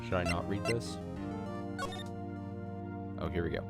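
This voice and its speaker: A man's voice: low-pitched, a little slow, long pauses, loud music behind the voice. A man hosting a let's play, reading game text aloud with wry, joking asides. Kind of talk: casual let's play commentary.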